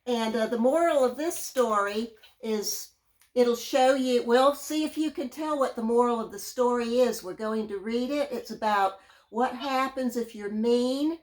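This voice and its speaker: Slow-reading woman teacher. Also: on the high side, rough recording. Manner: gentle, drawn-out storytelling with sound words. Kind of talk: children's story read-aloud.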